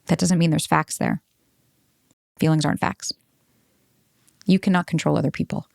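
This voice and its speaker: A woman's voice: low voice, fairly even intonation, moderate pace, gravelly, darkish tone, dry recording, clean studio sound. A woman hosting a self-help podcast, talking bluntly with plenty of swearing and acting out the voices of the people she quotes. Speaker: podcast host.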